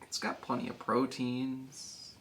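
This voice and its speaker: A woman voicing a loud, carefree man who is defensive about his habits. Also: rumbling low, little pitch movement, slow, a little hiss or hum, voice pushed down, heavily acted. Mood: unbothered. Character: loud, carefree male camper Joe.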